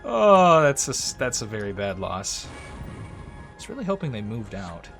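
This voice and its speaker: Low-voiced man narrating a strategy game. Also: very animated, a little slow, a bit bright. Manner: chatty, talks to the game units. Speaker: gameplay commentator. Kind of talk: casual let's-play commentary. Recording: faint music behind the voice. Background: faint game music.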